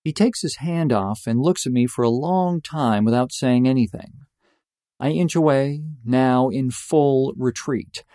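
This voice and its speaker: A young man tells a personal story with deadpan, mock-epic phrasing. His mid-pitched voice is mellow and warm. It sounds close and completely dry. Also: measured pace, few pauses, no echo.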